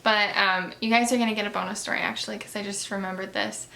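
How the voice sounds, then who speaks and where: Young woman beauty vlogger, bright tone, chatty storytelling with lots of "like" and "um.". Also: medium pitch, fast, gravelly. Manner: chatty, many fillers, animated retellings. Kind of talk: casual storytelling while doing makeup.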